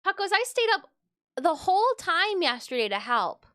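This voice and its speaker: A woman's voice: extremely high pitch, sing-song, moderate pace, pushed and bright. A woman from Michigan chatting casually on a live stream, easily distracted and full of "like.". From Michigan, USA. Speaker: streamer and cosplayer.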